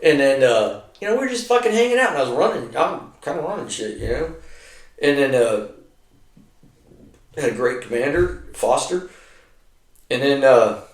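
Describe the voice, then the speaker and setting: Older ex-soldier, rambling and profane storyteller, mid pitch, roomy off-mic sound. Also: male voice, expressive, moderate pace, pauses often, recorded from a distance. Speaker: retired soldier telling war stories. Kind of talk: casual storytelling.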